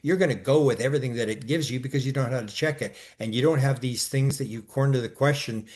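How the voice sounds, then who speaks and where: Talking fast in a mid-range voice, a male co-host rambles through a casual discussion. Restarts and filler sounds pile up, and he becomes animated recounting his back-and-forths.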